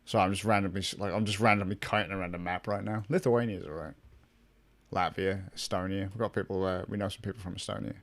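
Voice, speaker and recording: A man's voice: low-pitched, steady tone, fast talker, a bit bright. A young man chatting casually with his stream viewers, rambling, swearing a lot and laughing often. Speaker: gaming streamer.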